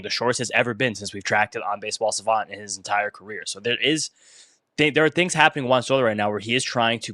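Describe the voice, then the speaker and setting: A young man, co-hosting a podcast and talking fast through baseball stats. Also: fairly low pitch, sharp tone, dry recording, studio quality. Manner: fast, analytical, stat-heavy. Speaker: podcast co-host. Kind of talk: casual sports talk.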